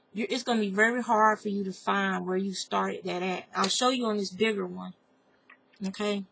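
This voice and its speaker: With a gravelly, fairly bright mid-range voice that's slightly rough, a Southern US woman talks straight to viewers during a rambling crochet tutorial. She's chatty and digressive, calling her audience y'all in this casual crafting video.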